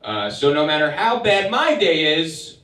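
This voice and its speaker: A man's voice: fairly high pitch, measured pace. Wry young man doing stand-up in an echoey room. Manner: wry, deadpan storytelling with sarcastic asides. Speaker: stand-up comedian. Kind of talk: stand-up comedy set. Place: comedy club stage. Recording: echoey room picked up from a distance.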